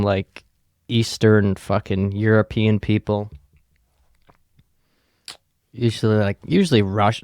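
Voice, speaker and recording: A man's voice: lowish voice, creaky, a little mellow, no echo, studio quality. A man hosting a podcast, telling a rambling, sarcastic story full of swearing. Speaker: podcast host. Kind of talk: casual storytelling.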